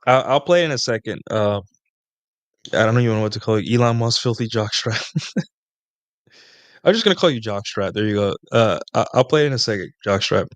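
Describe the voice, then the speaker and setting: A young man answers chat questions on a live stream in a loose, rambling way that keeps circling back on itself with restarts and fillers. His voice is smooth and clear and sits at an ordinary pitch. The sound is dry and close, with no room in it. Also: expressive, a little fast, long pauses, no room sound. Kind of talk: casual live Q&A monologue.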